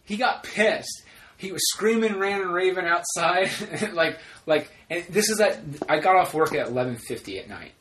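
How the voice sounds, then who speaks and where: A man co-hosting a casual podcast, telling stories in an animated, profane way. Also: high voice, moderate pace, slight background noise. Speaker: podcast co-host. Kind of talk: casual chat.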